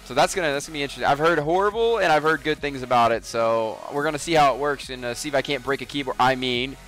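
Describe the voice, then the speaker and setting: A man's voice: mid-range voice, fast talker, a bit bright, faint music behind. Joking, profane young male streamer. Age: 20s. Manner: joking, profane, laughs often. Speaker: game streamer. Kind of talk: casual livestream chat.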